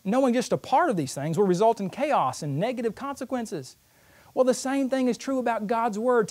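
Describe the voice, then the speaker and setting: A man's voice: sits high, darkish tone. A man teaching a Bible lesson in an earnest, explanatory way, using everyday analogies. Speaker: preacher.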